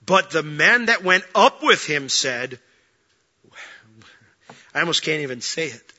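A male preacher delivers a sermon in a high, very bright voice. He reads scripture with strong emphasis, swinging between soft asides and forceful declarations. The recording is dull and lo-fi. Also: sing-song, unhurried.

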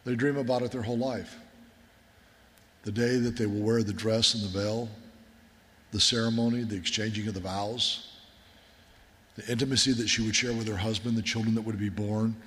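A man's voice: lowish voice, steady tone, fairly quick, long pauses, fairly bright tone. A man, a military chaplain, preaching a sermon in an earnest, folksy storytelling manner. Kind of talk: sermon with war stories. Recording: long hall reverb.

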